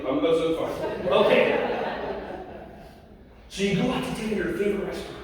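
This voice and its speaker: A man giving a lively keynote talk to an audience, acting out quotes and putting questions to the crowd. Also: high voice, a little hiss or hum. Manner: animated, acts out quotes and asks the crowd questions. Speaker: keynote speaker. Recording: echoey hall from far off.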